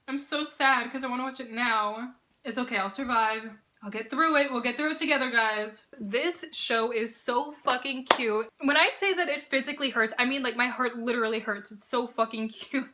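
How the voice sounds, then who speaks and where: A young woman hosting a casual reaction vlog, gushing and excitable, laughing often and swearing freely. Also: on the high side. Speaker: reaction video host.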